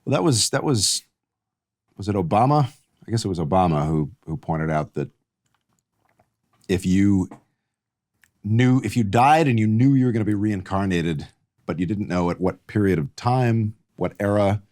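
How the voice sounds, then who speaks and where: A man guesting on a podcast, chatting casually in an animated, jokey, opinionated way. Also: fairly low pitch, normal speed, pauses often. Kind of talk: casual chat.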